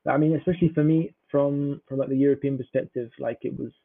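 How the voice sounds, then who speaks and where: A man's voice: medium pitch, steady tone, quick pace, gravelly, no room sound. A young man from southern England with a southern English accent, chatting casually as a podcast guest and rambling through filler words. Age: young adult. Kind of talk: casual chat. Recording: tinny phone-like line.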